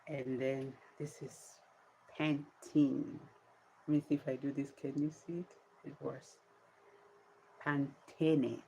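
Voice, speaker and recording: A woman's voice: very deep voice, level tone, normal speed, few pauses, warm tone, a little hiss or hum, low-quality recording. A tired woman vlogger chatting casually on a livestream, pleading with viewers and drawing out her words.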